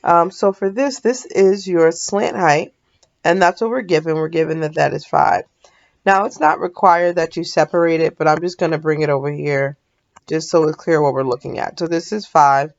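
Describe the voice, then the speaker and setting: A woman's voice: low voice, normal speed, gravelly, muffled recording. A woman math teacher talking through a recorded lesson in a sleepy, yawning, casual way, often stopping to apologize and correct herself.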